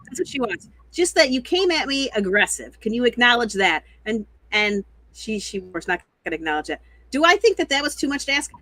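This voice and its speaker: A woman speaking on a casual panel, her voice bright and her pitch swinging widely. She sounds jokey and expressive. The recording is dry and close, with no room sound. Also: a little fast, dry recording.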